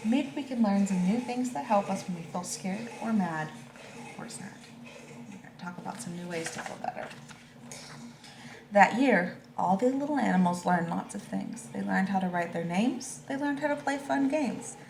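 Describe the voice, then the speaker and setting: A woman teacher reading a picture book to children and talking it over with them in a gentle, reassuring way. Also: mid-range voice, animated, creaky. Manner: gentle, slow and reassuring, asks children questions. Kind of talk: storybook read-aloud with discussion. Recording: echoey room with faint background noise.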